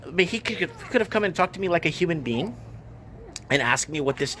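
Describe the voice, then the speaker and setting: A man's voice: a little high, animated, a little fast, slight background noise. Exasperated man ranting in his shop. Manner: rambling, exasperated, repeats himself. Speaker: vlogger and shop owner. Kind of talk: casual vlog rant. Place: shop under renovation.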